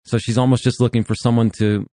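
A man in his fifties talks earnestly as a podcast host, drawing on his work as a pastor and therapist. His voice sits in a middle register, he gets animated and laughs through his words, and the sound is close and dry. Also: medium pitch, fast, dry recording. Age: 50s. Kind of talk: podcast conversation.

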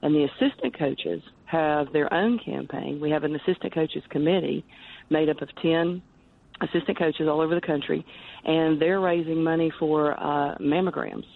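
A woman's voice: deep voice, moderate pace, creaky. A woman guest, a charity director, talking earnestly in a podcast interview, rambling with frequent restarts. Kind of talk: podcast interview over the phone. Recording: tinny phone line.

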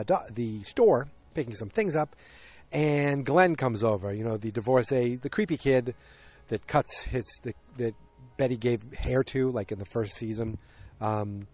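A man's voice: medium pitch, a little mellow. Rambling man recapping a TV episode. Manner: rambling, filler-heavy, opinionated asides.

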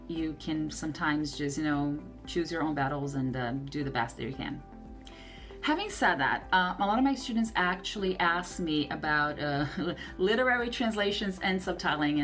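A woman's voice: low voice, normal speed, faint music behind. A woman hosting a podcast about translation work, telling stories in a chatty way and acting out the voices she quotes. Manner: animated storytelling, acts out quoted voices. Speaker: podcast host, translator and subtitler. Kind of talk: casual podcast talk.

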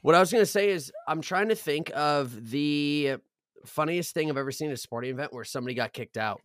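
A man's voice: on the high side, fairly quick, a bit bright, no room sound, studio quality. A young man co-hosting a podcast in casual chat, laid-back and profane, often saying "bro.". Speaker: podcast co-host. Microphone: podcast mic.

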